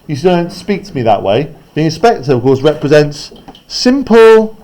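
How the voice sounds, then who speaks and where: A man's voice: fairly high pitch, sing-song, moderate pace, a little mellow. A man teaching a class, explaining a play text in a chatty way and often checking in with "right?".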